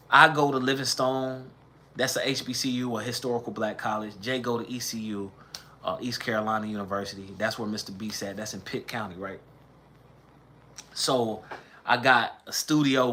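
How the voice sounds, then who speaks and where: Southern man in his thirties, livestream storyteller, casual and rambling, bright and tense in the voice. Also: medium pitch, steady tone, moderate pace, slight background noise. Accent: Southern US, light. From American South. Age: 30s. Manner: rambling, conversational, with chanted bits of old raps. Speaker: musician telling his story.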